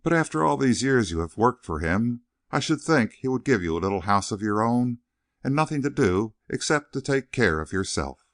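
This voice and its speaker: A man reading an audiobook, voicing an earnest, tender young woman in a gently raised voice. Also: medium pitch, very animated, normal speed, no echo, studio quality.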